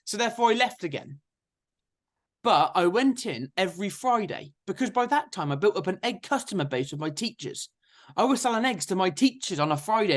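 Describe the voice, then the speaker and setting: Chatty young guy telling stories. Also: high-pitched. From England. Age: 20s. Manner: chatty, energetic anecdotes with frequent "so therefore". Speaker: guest farmer. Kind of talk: casual storytelling interview.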